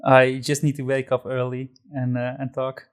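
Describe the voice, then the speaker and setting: A man's voice: mid-range voice, completely flat delivery, moderate pace, smooth. A man hosting a podcast, introducing the episode and guest in a loose, friendly way with fillers. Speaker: podcast host.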